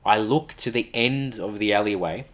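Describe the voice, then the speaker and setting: A man's voice: fairly low pitch, normal speed, fairly bright tone. A man in a podcast interview, earnestly retelling a personal story with vivid acted-out quotes. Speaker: podcast guest.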